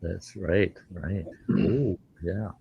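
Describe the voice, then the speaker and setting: A man's voice: sits low, fairly even intonation, extremely slow, creaky, warm tone, slightly rough, highs cut off. A middle-aged man hosting a show, telling rambling stories with plenty of cursing and laughter. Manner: rambling, profane, laughs mid-story. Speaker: podcast host. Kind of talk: casual storytelling chat.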